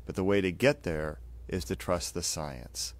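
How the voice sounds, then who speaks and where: A man's voice: deep voice, expressive, measured pace. A man who is a doctor and co-host, speaking earnestly and sincerely to viewers.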